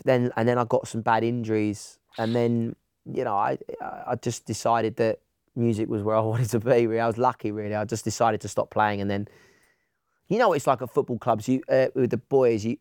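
A chatty man with an Essex accent tells stories as a podcast guest, tripping over his words and restarting. His voice sits at a mid pitch, recorded close and dry. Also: a little mellow, clean tone, no room sound. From England. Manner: chatty storyteller, many restarts. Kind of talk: casual chat.

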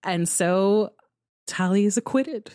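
A woman casually chatting as a podcast co-host, telling a game story with animated retelling of the dialogue. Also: mid-range voice, slow pace. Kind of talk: casual game recap chat.

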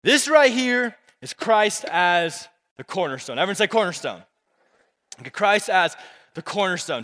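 A man's voice: sits high, expressive, normal speed, sharp tone. A young man preaching a casual youth sermon as pastor, often asking the crowd to repeat words after him. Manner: casual, repetitive, call-and-response with the crowd. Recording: long reverb of a big room.

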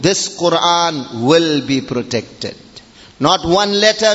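A man preaching a Friday sermon in a mosque, emphatic and impassioned, building to near-shouts. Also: sits high, unhurried, big-room sound, dull audio. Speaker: imam giving a Friday sermon.

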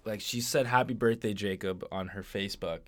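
Young man, podcast co-host, casual banter, wry and joking, bright tense tone. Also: lowish voice, fairly quick. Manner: wry, joking asides, swears.

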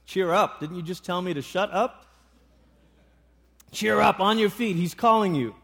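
A man voicing a harsh, gruff man in a crowd who barks short orders. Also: high voice, moderate pace, fairly bright tone, long reverb tail, pitched above the performer's own voice. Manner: curt, barking orders.

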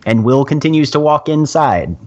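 A man narrating a tabletop role-playing game as game master, descriptive and unhurried, with small filler pauses. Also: a little high, expressive, a little mellow, highs cut off, a little hiss or hum.

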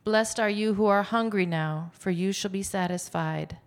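A woman giving a formal, measured reading of scripture at a church service. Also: mid-range voice. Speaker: scripture reader. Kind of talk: liturgical reading.

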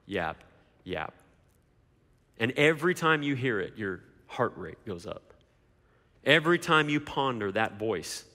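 A man's voice: lowish voice, a bit bright. A man preaching a sermon as pastor, emphatic, with repeated rhetorical questions. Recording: long hall reverb.

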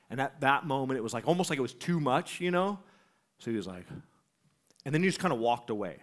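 Animated preacher man telling a story. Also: fairly high pitch, fast talker. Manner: animated, laughing, acts out voices. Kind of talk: sermon storytelling.

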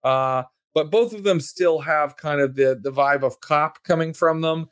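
A game master narrating a tabletop game scene in a relaxed, hesitant way, full of fillers. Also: medium pitch, a little slow, no room sound.

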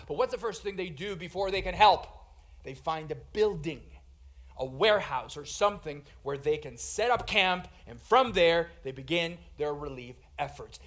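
Guy with a high voice preaching, goes loud then real quiet, calls everyone guys. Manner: dynamic, swinging from loud emphatic to hushed quiet; addresses listeners as "guys". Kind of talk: sermon.

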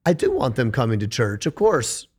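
A man speaking as a podcast guest in a conversational interview, an animated storyteller who repeats words when he gets going. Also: mid-range voice, normal speed, husky. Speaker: podcast guest, rock singer.

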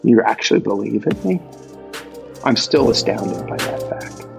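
A man's voice: on the low side, unhurried, vocal fry, loud music behind the voice, low-quality recording. A middle-aged man, an author and interview guest, telling personal stories in a reflective, emotional way and acting out past conversations. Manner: emotional, animated retelling of conversations. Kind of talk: reflective storytelling.

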